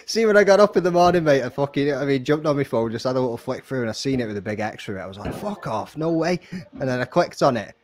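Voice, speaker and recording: A podcast host rattles along at a fast clip in a mid-pitched male voice, excitable and full of swearing. He keeps tossing in mate and brother as he chats and laughs with his guest. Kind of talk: casual podcast chat.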